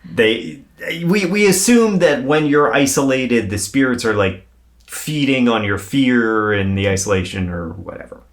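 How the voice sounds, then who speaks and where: A man co-hosting a podcast, telling a paranormal story in a casual, animated way and swearing freely. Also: medium pitch, unhurried. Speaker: podcast co-host.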